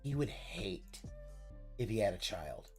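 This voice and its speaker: Over loud music, a woman streamer with an extremely low voice delivers a very animated but measured-pace reaction to a video. Exasperated and sarcastic, she curses heavily and occasionally mimics the person on screen mockingly.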